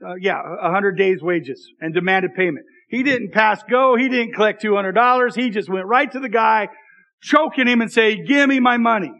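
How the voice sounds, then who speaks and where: High-voiced man preaching a sermon. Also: normal speed, fairly bright tone, lo-fi sound. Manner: conversational, joking asides to the congregation. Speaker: pastor. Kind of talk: sermon with scripture reading.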